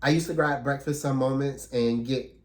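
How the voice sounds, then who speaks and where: A man's voice: mid-range voice, steady tone, normal speed. A man talking earnestly and reflectively in a casual, heartfelt conversation as a podcast co-host.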